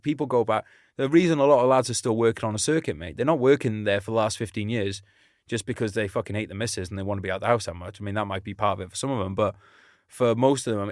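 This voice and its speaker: A man's voice: mid-range voice, no room sound, studio quality. A man from Britain, an army veteran hosting a podcast, talking in a casual, sweary and rambling way, laughing often. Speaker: podcast host. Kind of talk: casual chat.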